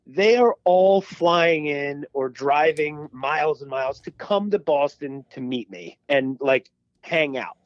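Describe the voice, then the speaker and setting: A man with a fairly high voice chats loosely on a podcast, telling stories and swearing here and there. The sound is dry and a bit dull, recorded close. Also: measured pace, no room sound. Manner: swearing, storytelling. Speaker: podcast co-host. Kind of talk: casual chat.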